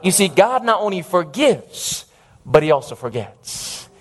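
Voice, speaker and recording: A man's voice: high voice, very animated, measured pace, slightly rough. A man preaching a sermon, emphatic in his delivery and often calling out for an amen. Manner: emphatic, calls for audience amens.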